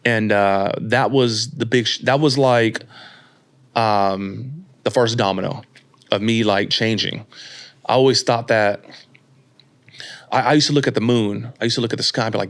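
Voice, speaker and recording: Speaking at a normal speed and pausing often, a podcast guest in his late thirties shares his story with a fairly low voice. He's casual and slangy, animated, and acts out the people he quotes.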